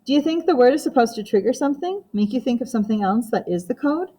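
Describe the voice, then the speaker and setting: A woman's voice: a little high, animated, fast, slightly rough. A woman reading an audiobook voices a meek, tearful young girl, the youngest sister in the story. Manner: meek, quiet.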